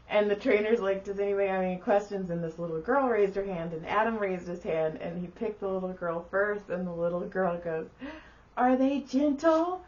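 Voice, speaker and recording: A woman co-hosting a podcast, telling childhood stories in a casual, animated way, swearing freely and laughing as she goes. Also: mid-range voice, fairly quick. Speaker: podcast co-host. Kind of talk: casual storytelling chat. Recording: distant mic, dull lo-fi sound.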